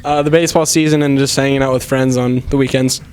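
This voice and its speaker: A young man in his late teens, a graduating student, speaking brisk and matter-of-fact. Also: mid-range voice, steady tone, a little mellow, a little hiss or hum.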